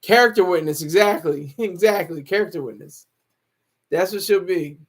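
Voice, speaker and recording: A man with a high voice hosts a loose, joking livestream from home. He laughs often and answers viewer comments as they come in. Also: normal speed, slightly rough. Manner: joking, laughs often, reads chat aloud. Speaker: livestream host.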